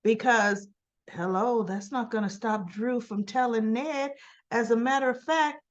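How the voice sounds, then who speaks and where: A woman's voice: fairly high pitch, lively intonation, slow pace, pauses often. Chatty woman recapping soaps, lo-fi. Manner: chatty, rhetorical questions, tag "right?"; sassy, talks straight to the characters. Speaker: soap opera reviewer. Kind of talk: casual spoiler recap.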